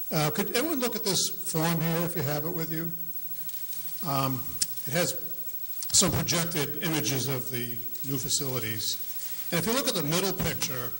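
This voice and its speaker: A man's voice: fairly high pitch, fairly bright tone. A man from Massachusetts speaking earnestly at a town meeting, often restarting his phrases. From Millis, Massachusetts. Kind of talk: public meeting speech. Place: large meeting hall. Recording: echoey hall, faint noise.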